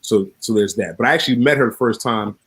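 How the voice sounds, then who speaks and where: A man co-hosting a casual podcast chat, telling stories with laughter and quick restarts. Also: lowish voice, a bit bright, slightly rough. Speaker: podcast co-host.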